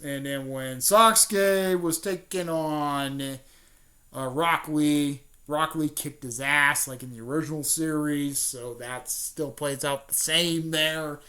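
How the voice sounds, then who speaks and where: A man's voice: on the high side, takes it slowly, bright, forceful tone. A man casually retelling a fan story, rambling with many fillers and restarts.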